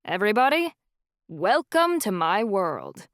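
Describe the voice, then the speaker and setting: A woman's voice: medium pitch, sing-song, unhurried, fairly bright tone, no room sound, clean studio sound. A woman playing a cocky young male vampire with a faint Irish lilt. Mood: showy. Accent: slight Irish. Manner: brash and teasing.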